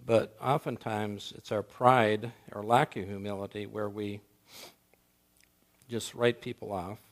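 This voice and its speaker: Male pastor, sermon delivery, emphatic with rhetorical questions and shifts from loud to soft. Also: on the low side, steady tone, measured pace.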